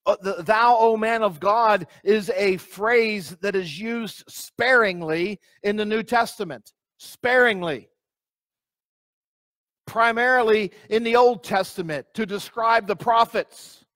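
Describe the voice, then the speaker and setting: A man's voice: sits high, slow, a bit bright, no echo. A male pastor preaching a sermon emphatically, reading scripture aloud, repeating key phrases and asking the congregation direct questions. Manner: reads scripture aloud in old-style wording.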